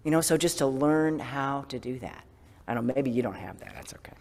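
A man giving a casual sermon as a Zen priest, self-deprecating and laughing often, dropping to a soft whisper for gentle self-talk. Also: medium pitch, lively intonation, fairly quick, creaky, big-room sound.

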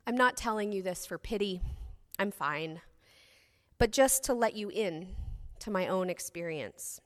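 A woman's voice: mid-range voice, animated, unhurried. A woman pastor in her thirties speaks frankly and earnestly to her congregation, as if confiding in them. Her voice rings out in a hall with a long, echoing tail. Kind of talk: sermon. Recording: reverberant hall sound.

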